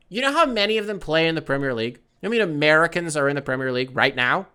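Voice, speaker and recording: Man, podcast host, casual sports chat, rambling, joking, bright forceful tone. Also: fairly high pitch, animated, rapid-fire, clear, resonant tone. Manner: rambling, joking, swears freely.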